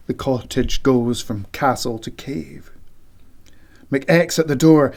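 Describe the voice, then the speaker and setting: A man reads a literary novel aloud in a slow, deliberate way. His voice sits a little high, and he whispers the sound effects. The reading is theatrical and expressive. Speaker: audiobook reader.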